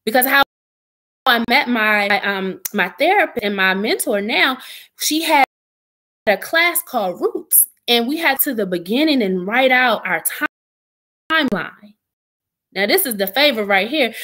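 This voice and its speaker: Young adult woman, interview guest; earnest, emotional testimony, slightly higher voice. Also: fairly bright tone. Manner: earnest, emotional, quotes her own prayers. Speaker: podcast guest.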